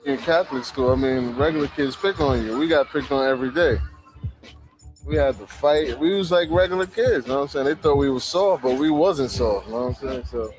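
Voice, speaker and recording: A man's voice: mid-range voice, brisk, rough recording. A man from Brooklyn remembering school days in a documentary interview, casual and laid-back. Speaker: childhood friend interviewee. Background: music.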